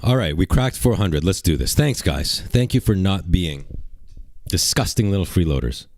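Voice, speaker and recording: A man hosting a live stream, brash and excitable as he talks straight to his chat. His voice sits on the low side but swings widely in pitch, and the sound is close and dry. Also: normal speed, no echo. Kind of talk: casual livestream chat.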